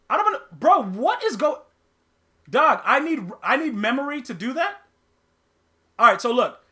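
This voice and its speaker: A young adult man hosting a casual livestream podcast, talking to his chat in animated slang and often repeating and restarting his words. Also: high voice. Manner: slang-heavy, talks to chat viewers. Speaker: podcast host.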